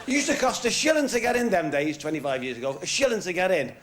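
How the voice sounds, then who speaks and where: A man's voice: high voice, sing-song, quick pace, background noise. A man doing a chatty club stand-up routine, joking with the crowd. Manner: chatty, jokey patter with the crowd. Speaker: stand-up comedian. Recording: old 1970s TV recording with audience laughter.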